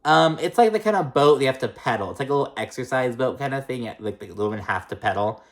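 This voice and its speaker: Here a reality TV recapper talks fast at a medium pitch, giving a casual, gossipy episode summary full of profanity and fillers like "like" and "um." The tone is animated and chatty, and cast members are mimicked in raised voices.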